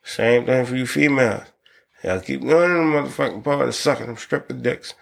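A man, hosting a podcast in profane, rambling casual chat that breaks into loud excited laughter. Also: mid-range voice, fairly quick, gravelly. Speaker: podcast host.

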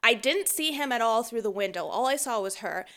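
Woman, podcast co-host, casual storytelling, animated, bright voice, smooth tone. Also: fairly high pitch, fairly quick. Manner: animated, laughing storyteller, acts out quoted voices.

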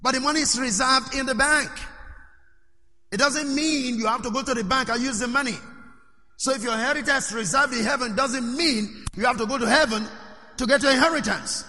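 In a church hall with long reverb, a male preacher's high, ringing, very bright voice moves briskly through his sermon. He keeps putting questions to the congregation and urging them to respond.

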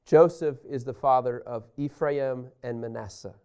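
A man teaching a Bible lesson, reading scripture aloud and explaining it in an emphatic, animated way that speaks straight to his listeners. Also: medium pitch, unhurried, clean tone, lo-fi sound.

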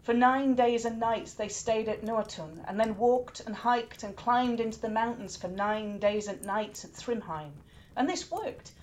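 A woman storyteller narrating a myth in an expressive, lilting way. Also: medium pitch, a little hiss or hum.

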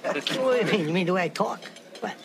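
An actor playing a volatile, short-tempered mobster who talks in a brash, profane way. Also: male voice, high voice, quick pace, gravelly. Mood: menacing. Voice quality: brash, profane, menacing mock-offense. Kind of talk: film dialogue. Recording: noisy film audio.

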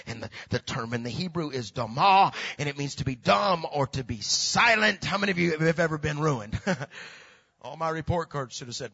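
A high-voiced man preaches a sermon, dropping to a hush and then rising to a shout while he repeats words for emphasis. His voice is bright with a husky grain. The recording sounds dull and lo-fi. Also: normal speed. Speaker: pastor.

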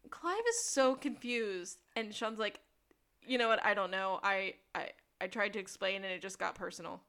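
A woman's voice: on the high side, moderate pace, a bit bright. A woman co-hosting a podcast, recapping a TV episode in casual chat and acting out lines with laughs. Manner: chatty, acts out quotes with laughter. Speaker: podcast co-host.

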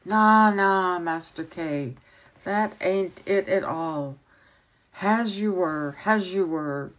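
A woman voicing a gruff male drill sergeant who gives blunt commands. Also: on the low side, slow pace. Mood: bossy. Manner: dropped and added h's, blunt commands.

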